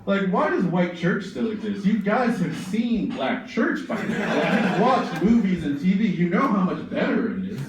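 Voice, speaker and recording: A man's voice: high voice, expressive, moderate pace, noisy background. A man in his twenties from suburban Massachusetts doing a profane, sardonic, rambling stand-up set. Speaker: stand-up comedian. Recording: very echoey room, distant mic, faint ambience.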